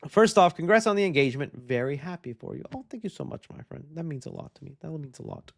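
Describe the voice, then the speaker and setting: A young man hosting a live stream, reading viewer questions out loud and answering them in a chatty, upbeat way. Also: a little high, lively intonation, quick pace, vocal fry. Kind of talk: casual live-stream chat.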